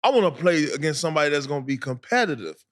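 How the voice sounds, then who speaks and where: A man, co-hosting a podcast and telling an animated story full of acted-out quotes. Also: a little high, very fast. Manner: animated storyteller, acts out quotes, laughs a lot. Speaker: podcast co-host. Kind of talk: casual storytelling.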